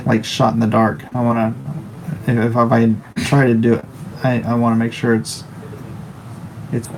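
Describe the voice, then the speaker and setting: A man's voice: medium pitch, completely flat delivery, moderate pace, darkish tone, slight background noise, rough recording. A man live-streaming while he draws, chatting casually and with a wry tone as he reads chat aloud in his home studio.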